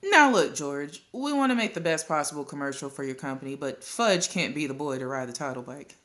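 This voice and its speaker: A woman's voice: low-pitched, expressive, a little fast, a bit bright. A woman voicing a firm, protective middle-aged father who argues with a client in a storybook reading.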